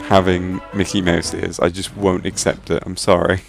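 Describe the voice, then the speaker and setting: A man's voice: low-pitched, little pitch movement, moderate pace, vocal fry, few pauses, faint music behind. A man with a Birmingham accent casually commentating on a video game, joking wryly as he plays. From England. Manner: wry and jokey, reading game lines aloud in silly voices. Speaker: let's play commentator.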